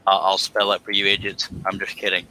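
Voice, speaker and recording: A man's voice: low-pitched, monotone, a little fast, sharp tone, slight background noise, poor audio. A man hosting a live stream from his workshop, joking and affectionate in casual chat.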